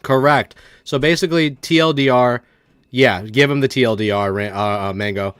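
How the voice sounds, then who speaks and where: A young man livestreaming a game, talking casually and excitably, laughing a lot and swearing freely. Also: medium pitch, moderate pace, clear, resonant tone, no echo, clean studio sound. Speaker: streamer. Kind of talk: casual live-stream reaction commentary.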